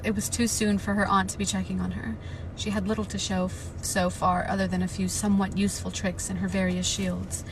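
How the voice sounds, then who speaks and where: A woman on a live stream, reading a novel aloud and breaking into loud, panicked reactions and swearing, from inside a car. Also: mid-range voice, little pitch movement, brisk, hardly any pauses, background noise.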